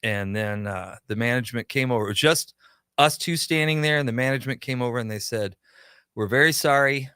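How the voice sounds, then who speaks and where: A middle-aged pop culture shop owner with a mid-range voice tells a long story in a casual radio conversation, talking fast and smoothly. He's an animated anecdote teller who acts out the quotes, captured in a dry, studio-quality recording.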